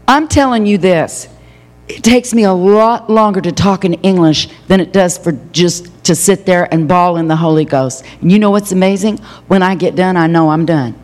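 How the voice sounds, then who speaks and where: An older woman pastor preaching a passionate sermon, stretching out key phrases for emphasis. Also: lowish voice. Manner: impassioned, drawn-out emphatic phrases. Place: church sanctuary. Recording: long hall reverb.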